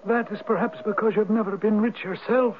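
An actor playing an ancient Viking spirit turned Irish hermit who speaks in a measured, knowing, gently probing way, in a 1970s radio drama. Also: male voice, high-pitched, fairly even intonation, a little hiss or hum, lightly acted. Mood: instructing. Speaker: Old Man of the Rock. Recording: tinny lo-fi old radio broadcast.

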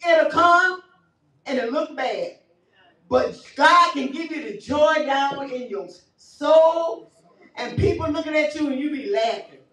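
A woman pastor delivering a fervent sermon, building up to shouts and often breaking into laughter. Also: sits high, slow. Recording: echoey church audio from far off.

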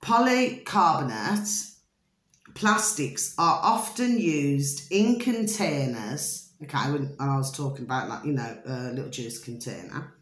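A woman's voice: a bass voice, lively intonation, unhurried. Chatty woman, echoey room. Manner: chatty, repeats filler tags like "okay?" and "do you see?". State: hot and itchy. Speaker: vlogger. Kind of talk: casual rambling monologue to camera.

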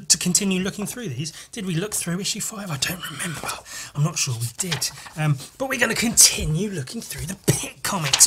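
A man hosting a podcast, over-caffeinated and chatting casually while flipping through comics. He rambles and swears, with jumpy, excited talk. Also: normal speed, breathy edge. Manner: wired, rambling and profane, jumping in pitch. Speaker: podcast host and comic artist.

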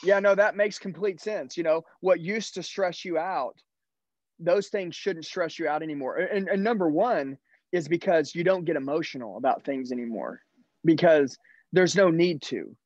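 A man's voice: fairly high pitch, moderate pace, a little mellow, no room sound. Punchy sales trainer man, dry and dull. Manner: emphatic, punchy, keeps asking "okay?". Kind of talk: motivational sales talk.

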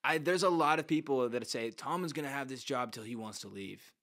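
A man hosting a sports talk show, calm and dry, steering the segments. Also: medium pitch, a little fast. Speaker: host.

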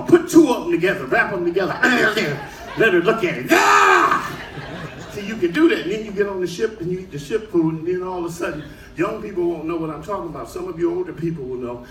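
An older man performing a stand-up comedy set on a cruise ship, telling stories in an animated way and shouting his punchlines. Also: a little hiss or hum. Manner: animated storytelling, shouting punchlines, high-pitched put-on cries. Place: cruise ship show lounge with a live audience. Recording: roomy live audio from far off, loud crowd.

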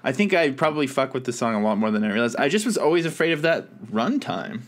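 A man's voice: medium pitch, very animated, fast talker. Man, podcast co-host, dry sarcastic jokes, casual chat.

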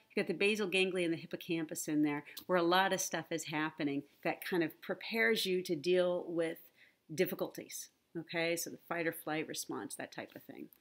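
A woman presenting an online conference talk with slides, friendly and teacherly, often checking in with "right?" and "okay?". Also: fairly low pitch. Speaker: conference speaker on the brain and language learning. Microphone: computer mic, online presentation.

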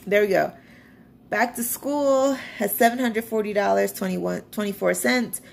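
Gravelly-voiced woman chatting about her budget. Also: mid-range voice, moderate pace. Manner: chatty, reads figures off a screen, self-deprecating. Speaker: budgeting vlogger. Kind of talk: casual budget walkthrough to camera.

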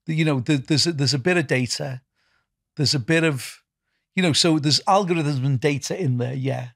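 A man's voice: a little high, normal speed, gravelly, dry recording, studio quality. A middle-aged man with a Liverpool accent, being interviewed as a festival founder, rambling with lots of restarts and "you know". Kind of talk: casual interview talk.

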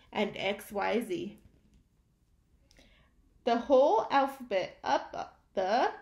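A woman reads a children's picture book aloud at a very slow pace. Her fairly high voice rises and falls in a lively singsong as she asks the little listeners questions. The room around her rings with echo. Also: gravelly. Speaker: teacher reading aloud to children. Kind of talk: storybook read-aloud for young children.

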